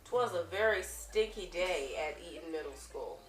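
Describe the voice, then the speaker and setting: A woman's voice: on the low side, expressive, normal speed, recorded from a distance. A teenage girl chatting playfully on her vlog, telling stories in a teasing, giggly way. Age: teens. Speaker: vlogger. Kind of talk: casual chat. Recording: roomy sound with faint music.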